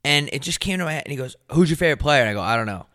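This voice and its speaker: A man's voice: medium pitch, expressive, very fast, sharp tone, no room sound, clean studio sound. A young man co-hosting a comedy podcast, telling stories animatedly and swearing a lot. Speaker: podcast co-host. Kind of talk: casual comedic chat.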